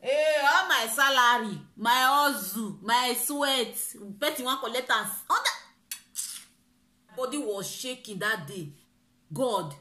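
Young Nigerian woman, vlogger, lively pidgin-laced storyteller; higher, sharp voice, echoey sound. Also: takes it slowly. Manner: animated storytelling, mixing pidgin and laughter. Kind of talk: story time vlog. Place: in a car.

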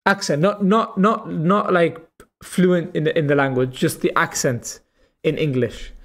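A man hosting a casual livestream chat, excitable and repetitive, often laughing and calling his friend bro. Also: a little high, a little slow. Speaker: livestream host.

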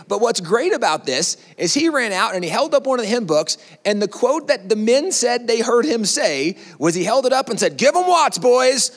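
Brief: high-pitched man, animated history storyteller, conversational, long hall reverb. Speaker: speaker.

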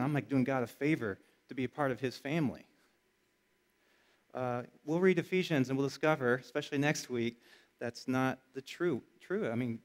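Middle-aged pastor, fairly high voice, chatty sermon delivery with bursts of punch. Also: male voice. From Michigan. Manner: conversational storytelling, builds to energetic emphasis.

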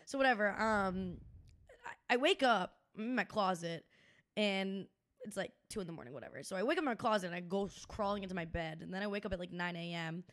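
A woman's voice: mid-range voice, quick pace, fairly bright tone. A young woman chats on a podcast in a loose, casual way. She tells her stories with plenty of swearing and acts out what people said. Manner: chatty storyteller, swears freely, acts out quotes. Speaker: podcast co-host. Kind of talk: casual chat.

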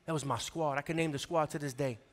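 An associate pastor in his forties from the New York area delivers a sermon in a strikingly high, bright voice, speaking fast with a steady tone. He tells stories conversationally and calls out to the congregation, his voice ringing with the long reverb of the church sanctuary.

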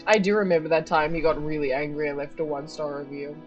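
Brief: casual young woman streamer, slightly low voice, excitable asides. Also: fast talker, lo-fi sound, faint music behind. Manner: chatty, excitable, joking asides. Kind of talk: casual reaction commentary.

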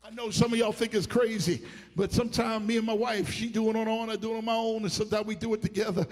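A man pastor preaches with fervor, his very high voice rising into shouts as he presses the congregation to answer. His words ring out through a church sanctuary with a long, hanging reverb. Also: level tone, fast. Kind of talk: sermon.

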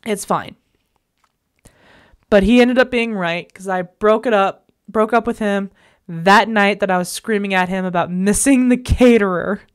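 A woman's voice: mid-range voice, normal speed, clean tone. A woman vlogger telling a personal story in an emphatic, exasperated way, recorded in a bedroom at home.

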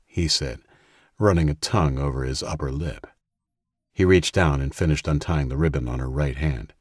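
A man narrating an audiobook in a steady, measured storytelling voice. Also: rumbling low, breathy edge, dry recording, clean studio sound.

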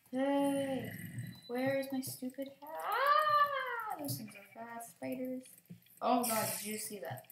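A young woman hosting casual let's-play commentary, excitable, yelping and laughing whenever danger appears. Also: on the high side, roomy sound, a little hiss or hum, poor audio. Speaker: gaming channel host.

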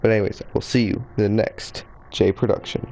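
Male game streamer, low mellow voice, loose rambling chatter, pokes fun at himself. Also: fairly even intonation, a little fast, vocal fry, rough recording. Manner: rambling, chatty, self-deprecating. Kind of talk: casual live game streaming.

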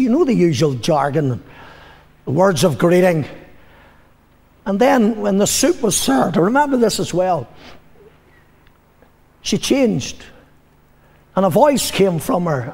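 An older man preaches in a church hall with a long, ringing reverb. His voice sits a little high for a man. He tells a story from the pulpit, swinging from loud proclamations to quiet, confiding lines. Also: vocal fry, breathy edge. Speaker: pastor. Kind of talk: sermon.

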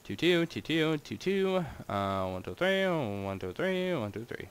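A man's voice: sing-song, moderate pace. A young man giving casual, rambling commentary while playing a game and talking to his viewers. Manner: rambling and chatty, talks to his audience, jumps between wild highs and mutters. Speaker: Minecraft gaming channel host.

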